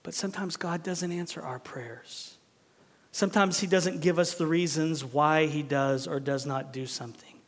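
A male pastor preaching an impassioned sermon in a church. He swings between shouted pleas and hushed, quiet lines. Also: on the high side, normal speed. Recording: long hall reverb.

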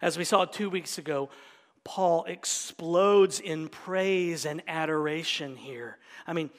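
A male pastor preaching an animated sermon, emphatic, sometimes dropping to a whisper. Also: a little high, slow, long reverb tail.

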